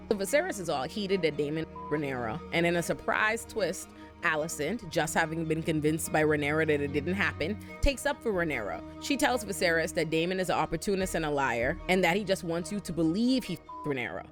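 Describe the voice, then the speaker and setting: A woman's voice: fairly low pitch, animated, a little fast, over music. A woman hosting a casual TV recap, sassy and profane as she tells the story. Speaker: host.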